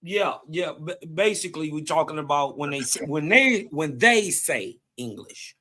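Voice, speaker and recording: Male co-host, bright forceful tone, slightly high, slangy explainer. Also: animated, moderate pace. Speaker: podcast co-host. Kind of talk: casual group discussion.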